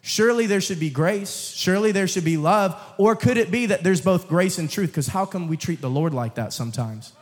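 Young male preacher, joking and then forceful, somewhat high voice, recorded with long hall reverb. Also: lively intonation, brisk, hardly any pauses. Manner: swings from low, quiet asides to loud, emphatic calls; jokes with the congregation and laughs. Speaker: guest preacher. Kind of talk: sermon. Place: church sanctuary.

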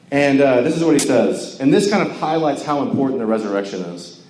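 Young male preacher from Georgia, loose and chatty, mid-pitched voice, reverberant hall with low background hum. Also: lively intonation, a little fast, a little mellow. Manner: conversational, joking, lots of filler words. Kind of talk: casual sermon to a campus crowd. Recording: echoey hall with faint ambience.

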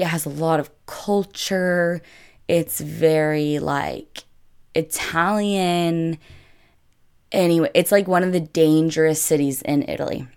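Low-voiced chatty young woman. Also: clear, resonant tone. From United States. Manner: chatty, filler-heavy, lots of "like". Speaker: vlogger. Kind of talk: casual storytelling.

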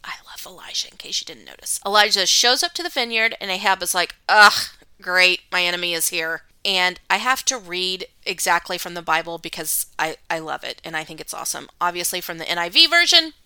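A woman's voice: fairly low pitch, animated, brisk, few pauses, pushed and bright, clean tone, no room sound. A woman hosting a podcast, retelling a Bible story in a casual, playful way with slangy asides. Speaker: podcast host.

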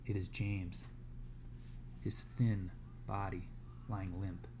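A man's voice: low-pitched, fairly even intonation, slow, background noise. A man reading a novel aloud to a class as a guest reader, dramatic and dropping to a whisper in tense moments.

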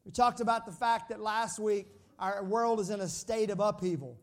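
A man's voice: high-pitched, moderate pace. A pastor preaching a sermon, joking with the congregation and calling out for them to repeat his words. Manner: lively, joking with the congregation, calls for responses.

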